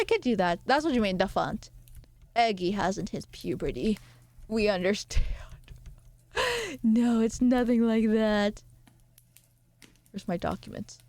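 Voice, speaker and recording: A woman streamer chatting casually with her viewers, excitable and giggly, often jumping up into squealy highs. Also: clean tone, no echo. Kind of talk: casual live-stream chat.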